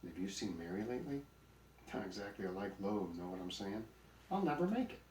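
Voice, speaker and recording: A man's voice: low-pitched, brisk, darkish tone, slight background noise, lightly acted. A man voicing a grumpy, greedy male donkey in a storybook, grumbling and sarcastic. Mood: irritated. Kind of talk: storybook character voice. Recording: roomy recording, mic at a distance.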